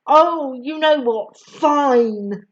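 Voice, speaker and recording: A woman voicing a hot-headed schoolboy who snaps and yells, on a slightly dull recording. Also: high-pitched, lively intonation, slow, pitched above the performer's own voice, full character voice. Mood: angry. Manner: loud, snappish.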